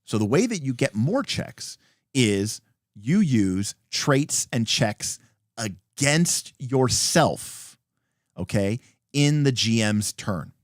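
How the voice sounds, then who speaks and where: A lively man walks through tabletop game rules on a livestream. His pitch swings widely as he acts out bits of example dialogue between lots of fillers. The sound is close and dry. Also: slow, dry recording. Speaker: host explaining game rules. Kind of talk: casual rules explanation on a livestream.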